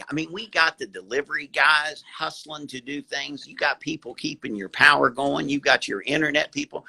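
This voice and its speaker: Gravelly, bright-voiced folksy doctor. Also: male voice, mid-range voice, rough recording. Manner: warm, folksy, calls the host baby. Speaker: hospital doctor guest. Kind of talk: casual live interview.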